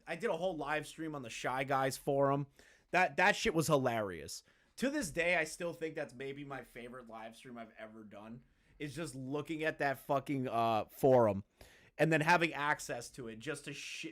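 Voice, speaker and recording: A man doing live-stream commentary in a crude, mocking and excitable way. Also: on the high side.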